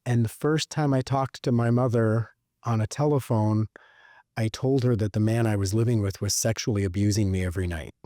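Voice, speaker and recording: Man quoting a small woman telling her past, halting, careful, slightly raised pitch, dry sound. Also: steady tone, warm tone, no room sound, lightly acted. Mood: solemn.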